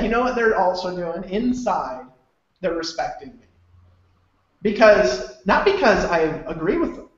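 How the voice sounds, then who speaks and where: Rambling laughing man in an echoey room. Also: high voice. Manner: rambling, laughs often, swears, restarts a lot. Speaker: host of an online sales webinar. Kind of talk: loose, rambling sales pitch. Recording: very echoey room, dull lo-fi sound.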